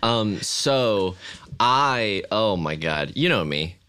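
A young man co-hosting a podcast, telling self-deprecating stories in casual chat and dropping to a hush for punchlines. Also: fairly low pitch, lively intonation, slow, smooth, no room sound. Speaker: podcast co-host.

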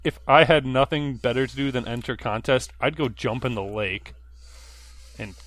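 Snarling teen bully, crude and sneering, read by a man, mid-pitched, raised voice. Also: normal speed, a bit bright, lightly acted. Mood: defensive.

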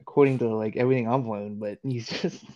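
A man's voice: mid-range voice, fairly even intonation, fast, mellow, highs cut off. A man co-hosting a podcast, chatting in a laid-back, easygoing way with lots of laughing banter. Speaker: podcast co-host. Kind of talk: casual podcast chat.

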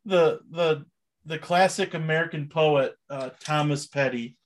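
A young man talks loosely as a podcast co-host, his voice sitting a little high. He rambles along in relaxed chat and laughs often. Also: measured pace. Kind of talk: casual chat.

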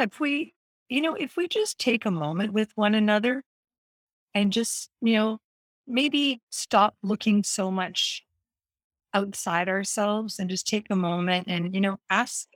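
A woman's voice: mid-range voice, a little slow, dry recording. A woman talking about wellness in an earnest, encouraging way, stressing her key words. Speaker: wellness speaker. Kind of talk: casual health talk.

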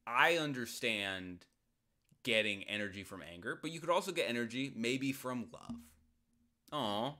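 A man hosting a solo advice podcast, answering a listener's question in a jokey, rambling way with sudden loud outbursts. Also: mid-range voice.

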